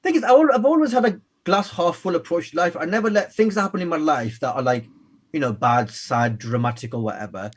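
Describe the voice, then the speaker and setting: Guy on radio, chatty and playful, voice sits a bit high. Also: brisk. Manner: lively, chatty, playful storyteller. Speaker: guest author. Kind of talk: casual radio interview. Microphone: radio studio microphone.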